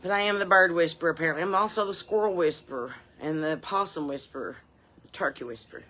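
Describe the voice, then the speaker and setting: A woman chatting casually in a rambling vlog, salty and profane, telling stories in a down-home way and sometimes dropping to a soft murmur. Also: fairly low pitch, fast. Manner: drops to a soft murmur at times. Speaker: touring musician and vlogger.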